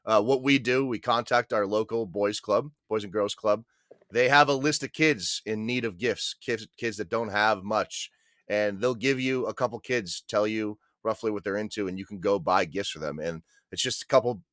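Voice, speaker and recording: A man's voice: lowish voice, moderate pace, fairly bright tone, no room sound, clean studio sound. A man co-hosting a movie podcast, casual and laid-back, swearing freely. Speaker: podcast co-host. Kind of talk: casual chat.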